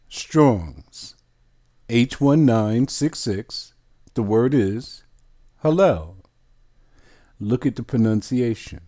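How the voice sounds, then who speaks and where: Slow, mellow-voiced male bible teacher. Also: mid-range voice. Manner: deliberate, reads definitions aloud, drawn-out phrases; addresses listeners as brothers and sisters. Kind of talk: slow scripture study teaching.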